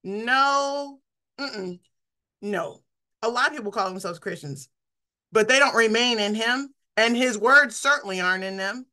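A woman's voice: fairly high pitch, a little slow, pushed and bright. A middle-aged woman giving an informal, conversational sermon, often laughing and acting out the people she quotes. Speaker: preacher.

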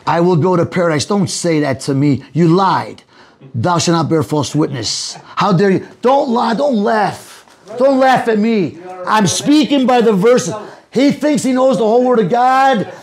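A man, a pastor, arguing heatedly in a debate, shouting accusations and quoting scripture, at times breaking into chant-like speech. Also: high voice, expressive, a little slow. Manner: bursts into tongues-like chanting.

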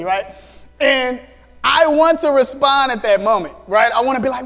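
Animated high-voiced male youth pastor. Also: moderate pace. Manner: animated, acts out voices, laughs often. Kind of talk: storytelling sermon. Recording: hall reverb.

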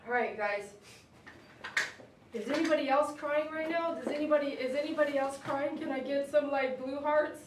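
A woman chatting emotionally with viewers during a live stream while she grooms a dog in her shop. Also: moderate pace. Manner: emotional, chatty, talks to dogs in a high coaxing voice. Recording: echoey room, mic at a distance, faint noise.

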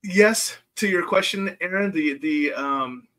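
Outgoing man with a bright forceful voice. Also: high-pitched, takes it slowly. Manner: outgoing, laughs often, talks about himself readily. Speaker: guest psychic medium. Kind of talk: casual chat. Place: home in Nebraska.

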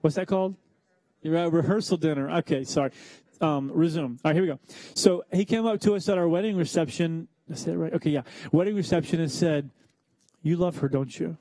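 A young man preaching a church sermon, talking conversationally with joking asides and slowing down for emphasis. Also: a little high, warm tone, no echo. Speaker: pastor.

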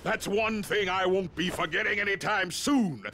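A man's voice: high-pitched, normal speed, noisy background, close to an everyday voice. An actor playing a boastful, cackling boogeyman who is a sack of bugs, in a video game cutscene. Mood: vengeful.

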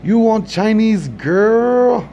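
Pushy male restaurant host, played by a man, raised pitch, clipped, slow delivery. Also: animated, dark tone, slight background noise, exaggerated voice. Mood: insistent. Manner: slow, clipped broken phrases.

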